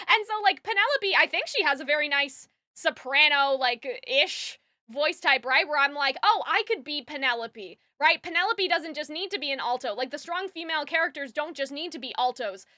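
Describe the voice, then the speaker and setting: A woman reacting live to a musical, talking in an excitable, rambling way and full of fillers. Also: high voice, a little fast, few pauses, no echo, studio quality. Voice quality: alto singer. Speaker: reaction streamer.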